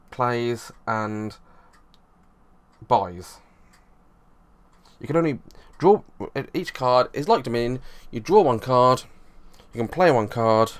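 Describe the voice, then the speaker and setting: A man reviewing a board game, explaining the rules in a loose, rambling way and often restarting his sentences. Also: mid-range voice.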